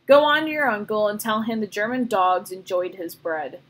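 A woman reading the lines of a harsh, scornful male German soldier in a storybook, with a slightly breathy voice. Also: mid-range voice, expressive, moderate pace, natural voice, poor audio. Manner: scornful, snapping.

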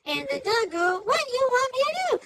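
A woman voicing a hyper, chattering female AI cartoon host who rambles through commentary on a news clip, jumping between shouts and mutters. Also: extremely high pitch, sing-song, normal speed, very noisy. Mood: excitable.

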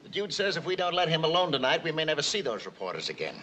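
An actor playing a pompous, indignant city mayor in a 1960s film comedy. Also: male voice, on the high side, wildly swooping pitch, racing, sharp tone, a little hiss or hum, heavily acted.

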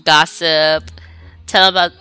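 A woman's voice: low voice, little pitch movement, slow, pushed and bright, smooth. A woman giving casual, chatty gameplay commentary, talking straight to her game characters as she plays. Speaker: let's play gamer.

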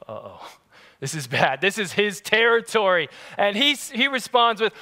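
A man preaching a sermon as pastor, telling family stories in an animated, lively way. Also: high voice, normal speed. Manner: animated, acts out family scenes. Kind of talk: storytelling sermon. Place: church sanctuary. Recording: long church-hall reverb.

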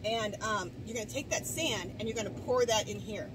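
A middle-aged woman vlogging a DIY garden tutorial outside speaks a little fast in a medium-pitched voice, caught by a distant camera against a noisy background. She keeps hiccuping and coughing as she chats, rambles, restarts, and drifts into asides.

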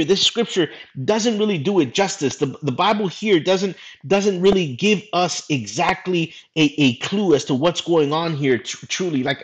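A male pastor preaching a sermon in a lively, storytelling way with casual slang. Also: high voice.

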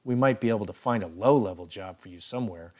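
A man voicing a quiet, reserved studio head who speaks calmly. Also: fairly low pitch, fast talker, natural voice. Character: calm reserved older male studio head.

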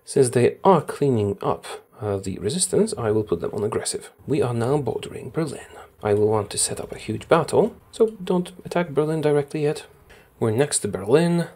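A man's voice: medium pitch, lively intonation, moderate pace, mellow. A man from Poland, chatting casually as he plays a strategy game and thinks aloud about his moves. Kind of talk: casual gameplay commentary.

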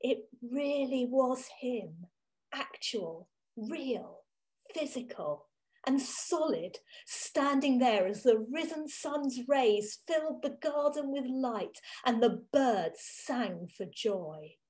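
A woman giving a first-person dramatic monologue as a grieving, devoted woman disciple from ancient times, telling it slowly and with emotion. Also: sits high, expressive, darkish tone. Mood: awed. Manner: slow, emotional, intimate storytelling. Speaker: church reader.

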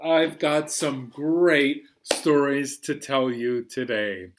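A man's voice: medium pitch, steady tone, noisy background. A man hosting a library storytime for young children, chatting and singing cheerfully while strumming a banjo. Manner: slow, cheerful, sing-song delivery to kids, playing banjo. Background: banjo accompaniment.

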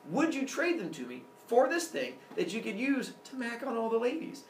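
A man's voice: extremely high pitch, huge pitch swings, moderate pace, a little hiss or hum, pitched above the performer's own voice, full character voice. A man plays a mischievous baby god whose sing-song voice leaps up and down. He is sly and cheeky. The sound is roomy and set back from the mic. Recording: roomy room, distant mic.

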